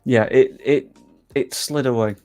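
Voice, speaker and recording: A man's voice: medium pitch, a little slow, a little mellow, faint music behind. A young man from England with a faint Yorkshire accent, casually chatting on a live stream and reading out viewer comments in a self-deprecating way.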